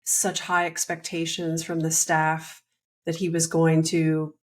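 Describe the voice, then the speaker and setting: A woman's voice: low voice, monotone, slow pace. A woman hosting a podcast interview, chatting in a friendly, conversational way. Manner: friendly, conversational, laughs easily. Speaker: podcast host.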